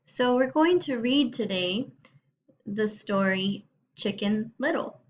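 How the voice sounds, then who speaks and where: A woman teacher reading a storybook aloud to young students in a slow, clear way. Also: on the high side, animated, highs cut off.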